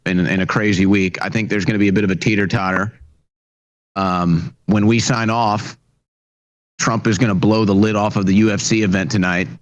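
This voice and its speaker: Low-voiced, reassuring male co-host. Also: highs cut off. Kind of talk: live show chat.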